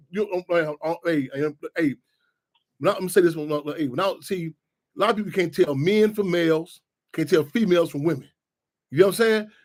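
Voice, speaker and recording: "You know what I'm saying" comes up again and again as a high-voiced radio host rattles on quickly in a loose, meandering monologue.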